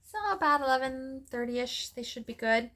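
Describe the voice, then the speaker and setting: A woman's voice: high-pitched, animated, moderate pace, fairly bright tone. A middle-aged woman hosting a casual cooking vlog, chatting along with sassy asides as she works. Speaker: cooking channel host.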